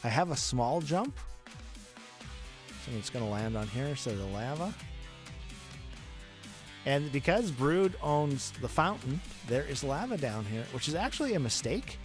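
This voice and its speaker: A man's voice: mid-range voice, sing-song, a little slow, pauses often. Chatty man narrating his own gameplay. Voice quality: chatty, thinking aloud with restarts. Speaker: game developer streaming his game. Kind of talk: casual gameplay commentary. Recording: music playing behind.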